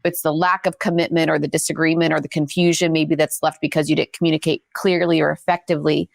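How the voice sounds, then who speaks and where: An earnest woman explaining how leaders should communicate. Her voice sits low and has a gravelly edge. It is recorded dry, with no room sound. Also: little pitch movement, fast talker, no room sound. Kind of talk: advice-giving leadership talk.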